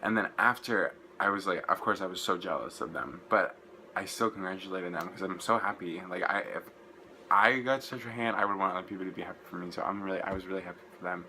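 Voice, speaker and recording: A young man, gushing and rambling through an excited casual vlog recap, full of "like" fillers. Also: low voice, quick pace, slight background noise, low-quality recording. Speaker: vlogger.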